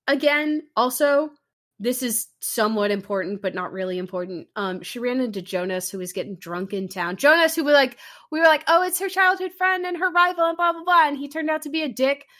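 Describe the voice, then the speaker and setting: Rambling woman with a lively voice. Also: sits high. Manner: rambling, sarcastic, with many fillers. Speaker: podcast host. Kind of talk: casual chat recap.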